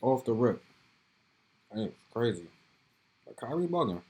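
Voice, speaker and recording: Husky New guy riffing casually. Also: medium pitch, big pitch swings, measured pace, darkish tone. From Brooklyn, New York. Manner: slangy, rambling, keeps tossing in "bro" and "you feel me". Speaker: reaction video host. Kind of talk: casual reaction commentary.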